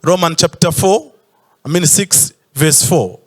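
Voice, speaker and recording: A man's voice: fairly high pitch, unhurried. A man preaching a sermon in church, stretching out emphatic phrases and sometimes breaking into a sung tone. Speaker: pastor.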